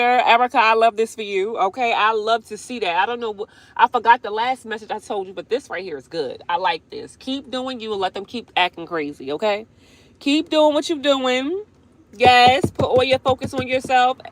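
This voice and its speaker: A woman's voice: on the high side, animated, normal speed. A young woman giving a live-streamed tarot reading outdoors beside a road, talking in a chatty, slangy, emphatic way. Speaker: tarot reader.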